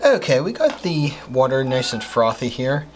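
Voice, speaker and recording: Upbeat male cooking host, lively pitch, kitchen noise and clattering dishes behind. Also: normal speed. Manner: upbeat, chatty, explains steps as he works. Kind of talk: casual cooking demonstration. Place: home kitchen.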